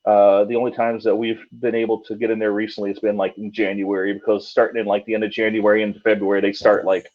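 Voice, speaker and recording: A man's voice: on the low side, flat delivery, fast, few pauses, darkish tone. A man, a paranormal investigator, telling a story casually, with many fillers and restarts. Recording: dull lo-fi sound.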